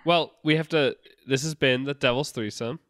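A man's voice: mid-range voice, normal speed, fairly bright tone, no echo, studio quality. A man co-hosting a podcast, speaking in short, laid-back remarks in casual banter. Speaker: podcast co-host.

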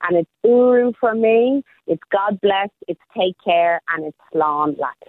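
A woman's voice: medium pitch, unhurried, no echo. Upbeat woman life coach on the phone. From Australia. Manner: upbeat and motivational. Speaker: radio life coach segment guest. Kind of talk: casual radio talk. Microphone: phone call. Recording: phone line.

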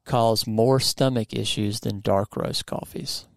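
A man's voice: fairly low pitch, steady tone, slow, creaky, no echo. A man hosting a podcast in a studio, upbeat and playfully teasing his co-host in casual chat.

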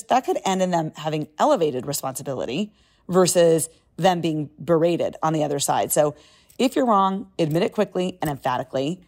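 A middle-aged woman talks through a book summary in a casual, emphatic way. Her voice sits on the low side, and she breaks into animated asides. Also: fairly quick.

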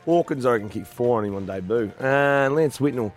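Blokey Australian radio host. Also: male voice, mid-range voice, expressive, fairly quick, soft background music. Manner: jokey, blokey, calls everyone mate. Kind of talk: casual radio banter.

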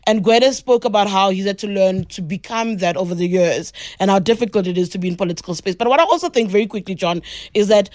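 A woman's voice: medium pitch, darkish tone, no room sound. South African woman reporter, dry sound. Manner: thoughtful, measured, occasional restarts. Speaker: political reporter. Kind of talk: radio analysis.

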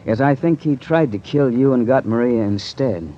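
A man's voice: medium pitch, animated, normal speed, natural voice. An actor playing Christopher, a male detective who narrates and talks with clipped, earnest suspicion in a 1940s radio drama. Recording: dull old radio recording, faint hiss.

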